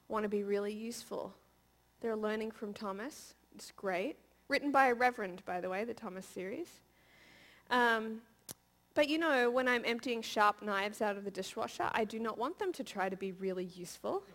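A woman's voice: fairly high pitch, a bit bright. A woman in her thirties giving a conversational, playful sermon and often asking the audience questions. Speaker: preacher.

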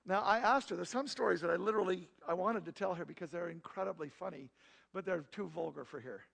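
A middle-aged man preaching, telling a story in a lively, conversational way with asides to his congregation. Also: high voice, fast talker, vocal fry, breathy edge. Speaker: pastor. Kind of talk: storytelling sermon.

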